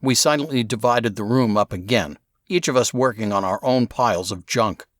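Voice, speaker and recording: A man narrating a novel in first person, in a measured storytelling manner on a close studio mic. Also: medium pitch, dry recording. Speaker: audiobook narrator.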